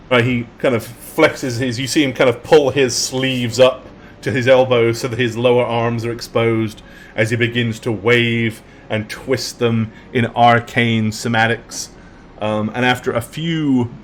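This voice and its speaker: A man's voice: medium pitch, a little hiss or hum. A man narrating a live tabletop game as dungeon master, casual and full of fillers.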